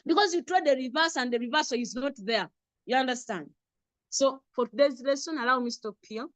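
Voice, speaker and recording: On a dry recording, a slightly high female voice with a Ugandan accent leads an online trading lesson by video call. Repetition is her method: she drills lists, goes over points again, and chuckles frequently.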